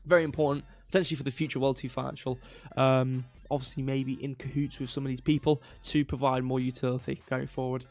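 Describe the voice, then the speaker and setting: A man hosting a crypto livestream in casual chat, rambling, restarting sentences and reading chat aloud while slowly losing his voice. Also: medium pitch, flat delivery, a little mellow, faint music behind. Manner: rambling, self-interrupting, reads chat aloud. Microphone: desk mic.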